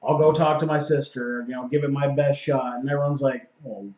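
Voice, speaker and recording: A man with a mid-range voice joins a relaxed recap of a show, often chiming in to agree before he retells a scene of his own. The recording is dull and lo-fi, in a room that echoes. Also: medium pitch, fairly quick. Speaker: show co-host. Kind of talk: casual TV recap chat.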